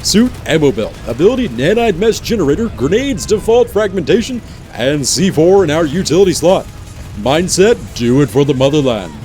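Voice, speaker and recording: A man's voice: on the high side, very animated, moderate pace, darkish tone. A man hosting a gaming video in a playful, jokey commentary style with teasing asides. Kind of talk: casual game commentary.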